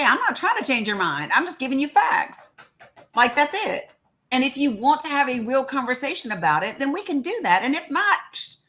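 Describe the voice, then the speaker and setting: A woman's voice: a little high, fairly bright tone. A woman hosting a live social audio stream, talking casually to her listeners and greeting them by name. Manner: chatty, addresses viewers by name, many fillers. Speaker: livestream host.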